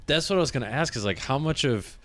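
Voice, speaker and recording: A man hosts a podcast in a relaxed, joking way, tossing out easy questions. His pitch moves up and down a lot as he talks. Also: fast talker. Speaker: podcast host. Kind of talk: casual chat.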